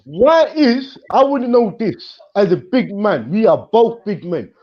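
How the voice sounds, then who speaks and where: A man arguing as a guest in a heated online debate, halting and repeating words as he builds his points slowly. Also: sits high, big pitch swings. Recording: muffled online call audio.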